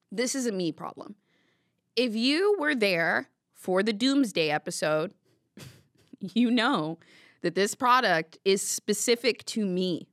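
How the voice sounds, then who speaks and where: A woman's voice: mid-range voice, no echo, clean studio sound. A young woman hosting a podcast, telling a story in casual chat, laughing and swearing as she goes. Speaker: podcast host.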